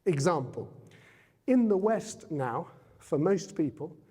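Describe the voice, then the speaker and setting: A man speaks conversationally to an audience as a guest speaker, now and then turning questions back on his listeners. His voice is mellow and relaxed. It is heard through a hall with a long, echoing reverb. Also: a little high, takes it slowly, husky. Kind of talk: public talk to an audience. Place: Jesuit centre hall.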